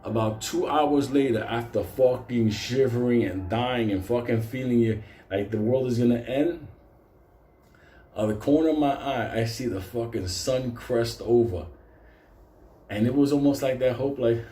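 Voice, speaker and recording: A man casually telling a story, animated and swearing constantly. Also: medium pitch, moderate pace, roomy sound, a little hiss or hum.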